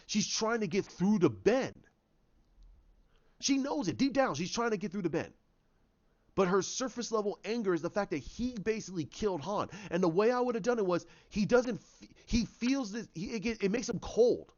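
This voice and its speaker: A man giving casual commentary on films, rambling and animated, acting out scenes in voices. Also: sits high, moderate pace, dull audio. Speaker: YouTube commentator.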